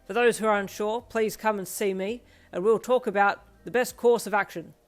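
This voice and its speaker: A woman voicing a strict male teacher who gives formal instructions loudly and firmly. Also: medium pitch, steady tone, normal speed, soft background music, natural voice. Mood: stern. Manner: loud, firm, formal instructions.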